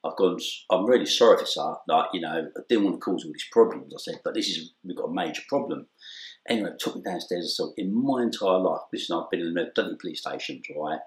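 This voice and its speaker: A fast-talking middle-aged man from England with a low voice tells an anecdote as an interview guest. It's a casual conversation, and he animates it by acting out the dialogue and laughing often. Recorded in an echoey room.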